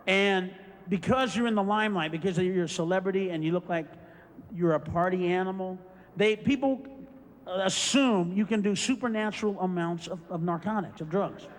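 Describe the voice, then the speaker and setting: A man's voice: high voice, moderate pace, long reverb tail. A male stand-up comedian ranting and screaming through a routine on a club stage, acting out scenes. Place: club stage before a live audience. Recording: live show with loud crowd and noise.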